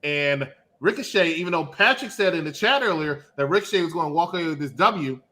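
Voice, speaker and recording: A man hosting a casual wrestling review show, leading the talk and teasing his co-hosts. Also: on the high side. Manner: animated, quick to tease co-hosts. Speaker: podcast host.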